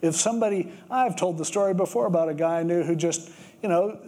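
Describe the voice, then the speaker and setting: A man preaches in an easygoing, conversational sermon voice that sits a little high for a man. He drifts into stories and explains scripture as if chatting with the congregation. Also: fast. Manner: conversational storytelling, with lively acted quotes. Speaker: pastor.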